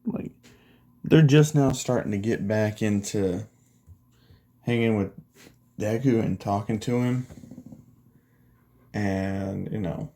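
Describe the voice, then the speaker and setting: A man's voice: fairly low pitch, slow, pauses often, dark tone. A man casually recapping a fan-made story in a laid-back, slangy, profane way.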